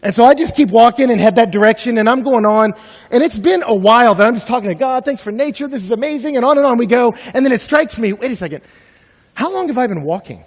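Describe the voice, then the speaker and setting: High-voiced man preaching in a reverberant hall. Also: fast. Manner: animated storytelling, acts out his own panic. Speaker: pastor. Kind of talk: sermon with personal story.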